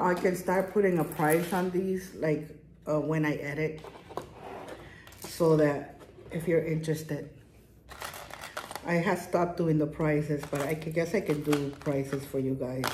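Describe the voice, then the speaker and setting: A middle-aged woman with a strong non-native accent chats casually and excitedly in a haul vlog, displaying jewelry in her home garage. Her low, slightly mellow voice runs a little slow and she pauses often. The recording is echoey, with faint noise.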